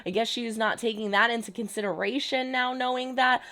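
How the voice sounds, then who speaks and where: A woman's voice: fairly high pitch, fairly even intonation, fairly quick, pushed and bright. A young adult woman hosting a reaction channel, talking through a TV episode in an emphatic, exasperated way. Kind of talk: casual TV reaction commentary.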